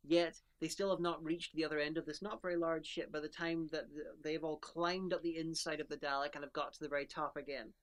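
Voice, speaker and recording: A woman's voice: low voice, fairly even intonation, a little fast, few pauses. A woman co-hosting a casual podcast who argues her points in a rambling, nitpicking way. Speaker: podcast co-host. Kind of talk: casual chat.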